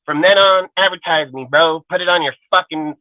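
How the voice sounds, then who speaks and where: Brief: man, higher-pitched voice, angry profane livestream rant, tinny phone-like sound, dry. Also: moderate pace, no room sound. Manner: profane, confrontational, taunting. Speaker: channel host.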